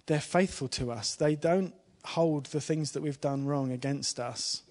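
A man's voice: on the high side, measured pace. Chatty man preaching to a congregation. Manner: chatty, asks the congregation questions, with small laughs; drops to a hushed, softer voice when retelling the story. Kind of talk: informal church talk. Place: live church gathering with congregation.

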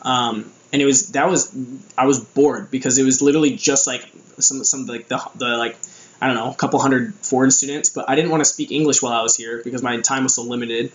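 A man's voice: mid-range voice, fairly even intonation, fairly quick, reverberant, low-quality recording. A young American man telling a casual story about his time abroad, rambling with lots of fillers and restarts. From United States. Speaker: vlogger.

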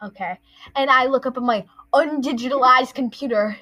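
A woman's voice: high-pitched, normal speed, bright, forceful tone, low-quality recording. A woman co-hosting a podcast, rambling through a playful made-up story in casual chat. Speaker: podcast co-host.

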